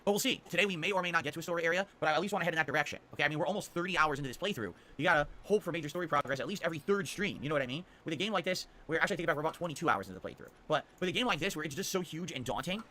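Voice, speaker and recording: A male game streamer talks through his week's plans at a rapid clip, tacking "okay?" onto his points. His voice is bright and forceful, sitting a little high for a man, with a faint ambient hiss behind it. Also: expressive. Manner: upbeat, rambling, often ends with "okay?". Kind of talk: casual stream schedule rundown.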